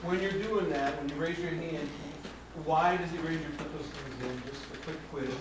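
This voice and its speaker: A man's voice: a little high, steady tone, moderate pace. A man coaching a choir who explains musical ideas and quizzes the singers. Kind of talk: rehearsal coaching. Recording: echoey room from far off, noisy.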